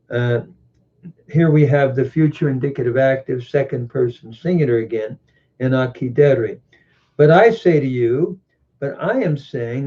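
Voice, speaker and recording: A man teaching scripture, reading verses in several languages and explaining their grammar with frequent pauses and self-corrections. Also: medium pitch. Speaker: Bible teacher. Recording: muffled lo-fi recording.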